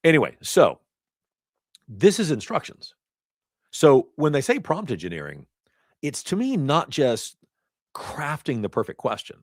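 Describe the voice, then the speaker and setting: A man teaching a live training class, talking casually with asides and quick self-corrections. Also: a little high, huge pitch swings, no echo, clean studio sound. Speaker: instructor. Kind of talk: live certification lecture. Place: training event room.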